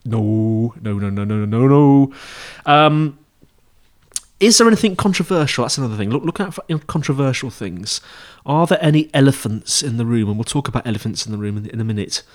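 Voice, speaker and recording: A man's voice: medium pitch, animated, fast. Male podcast host, casual teaching monologue, rambling and self-correcting. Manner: chatty, rambling, with frequent fillers and self-corrections.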